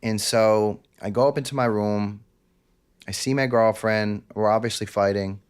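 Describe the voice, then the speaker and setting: A man's voice: fairly low pitch, steady tone, moderate pace, clear, resonant tone. A man, telling a candid personal story as a podcast guest and acting out quoted lines. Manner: intense, confessional, acts out quotes.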